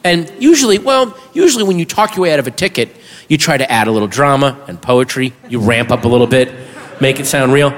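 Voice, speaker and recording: A man doing a stand-up comedy set, animated and bursting into shouted punchlines, on a stage before an audience. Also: mid-range voice, fast talker. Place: large hall with audience. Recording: live hall with crowd noise.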